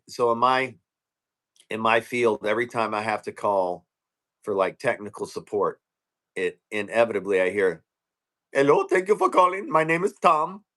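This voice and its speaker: A man's voice: mid-range voice, fairly bright tone. A man telling a profane, ranting story in casual chat on a live stream.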